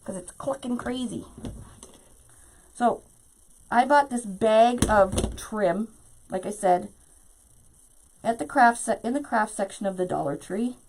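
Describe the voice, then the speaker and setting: Woman craft host, slightly high voice, chatty and quick to laugh while talking to viewers. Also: a little mellow, rough recording. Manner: chatty, laughs often, talks to viewers directly. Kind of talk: chatty live craft tutorial.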